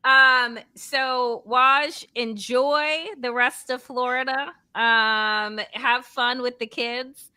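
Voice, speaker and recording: Bright, crisp-voiced woman host. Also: sits high, fairly even intonation, drawn-out words, no echo. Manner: warm, effusive sign-off. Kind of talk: casual chat, show sign-off.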